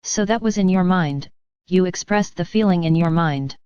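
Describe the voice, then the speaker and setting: A woman delivering a channeled spiritual message, speaking gently and patiently to her listeners. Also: fairly low pitch, moderate pace, clean tone, dry recording, muffled recording. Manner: gentle, patient, addresses listeners as dear ones.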